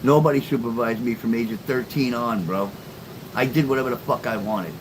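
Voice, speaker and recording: A mid-range male voice, a little fast, belongs to a middle-aged streamer chatting late at night. He replies to chat by viewers' names, rambling, sarcastic and profane, over a steady background hum.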